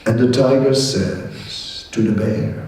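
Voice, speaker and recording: A man, a monk giving a scripture class, telling a fable in an animated way with chatty asides. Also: mid-range voice, takes it slowly. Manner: animated storyteller, acts out voices, chatty asides. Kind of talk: lecture storytelling. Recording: echoey hall from far off.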